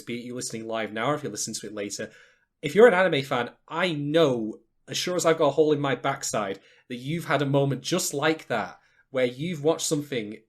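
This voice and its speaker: A man co-hosts a laid-back podcast. His talk is animated and full of emphatic, salty asides. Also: medium pitch. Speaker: podcast co-host. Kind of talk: casual podcast chat.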